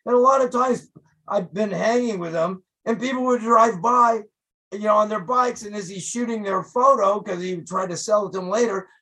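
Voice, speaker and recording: An older man, a rock photographer, telling stories in an interview, animated and profane, loudly acting out what he said to musicians. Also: high-pitched, moderate pace, poor audio. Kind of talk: casual storytelling interview.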